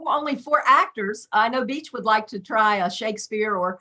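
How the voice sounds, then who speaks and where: A woman's voice: on the high side, normal speed, pushed and bright. A woman, a stage actor, chatting upbeat and giggly on a video call. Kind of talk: casual video call chat.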